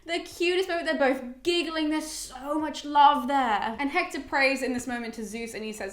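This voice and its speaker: A woman's voice: high voice, normal speed, hardly any pauses, roomy sound. A young woman hosting a casual, chatty summary, gushing and full of "like". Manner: gushing, animated, filler-heavy with "like". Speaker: host.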